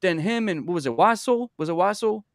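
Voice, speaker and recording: A man hosting a livestream in casual chat, animated and repeating himself when excited. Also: high-pitched, brisk, no echo, clean studio sound. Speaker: livestream host.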